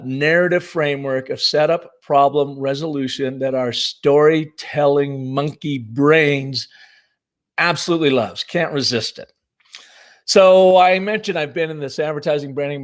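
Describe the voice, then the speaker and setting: A man in his fifties giving an enthusiastic, punchy conference presentation on storytelling. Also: on the high side. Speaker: marketing speaker.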